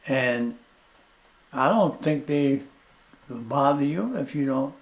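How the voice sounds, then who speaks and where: An older man, a plainspoken interview guest telling stories slowly and repeating his points. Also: mid-range voice, lively intonation. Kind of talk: storytelling in casual conversation.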